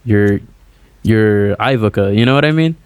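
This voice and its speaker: A man's voice: on the low side, normal speed, clean tone, dry recording. A man, a musician guest, chatting casually on a podcast over a remote call, rambling and filling his talk with "like" and "you know".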